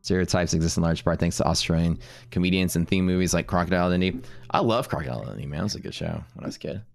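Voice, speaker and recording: A man's voice: low-pitched, creaky. A man teaching trading live on stream, casual and upbeat, chatting with viewers between explanations. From Texas. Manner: casual and upbeat, full of fillers and quick asides to chat.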